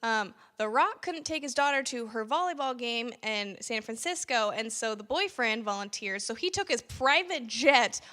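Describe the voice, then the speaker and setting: Bright, chatty young woman reviewer. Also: a little high, lively intonation, moderate pace, few pauses. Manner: chatty, laughing, many fillers and restarts. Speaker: movie reviewer. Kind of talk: casual spoiler review.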